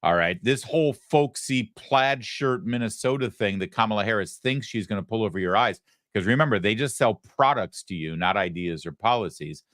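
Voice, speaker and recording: A man's voice: on the low side, expressive, a bit bright, no echo, clean studio sound. A middle-aged man from Michigan hosting a political talk show, delivering an emphatic, sarcastic monologue. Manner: sarcastic, emphatic, quick asides.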